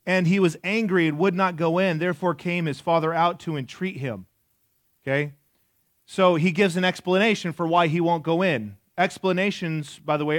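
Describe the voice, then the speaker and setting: A man's voice: fairly high pitch, dry recording, studio quality. A man in his forties preaching a sermon in a conversational way, asking the audience questions and joking. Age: 40s. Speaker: pastor.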